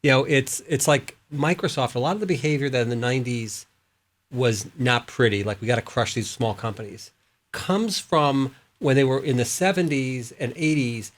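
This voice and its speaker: A man's voice: mid-range voice, expressive, normal speed. A man speaking as a guest on a studio panel, explaining things with a story. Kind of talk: panel discussion.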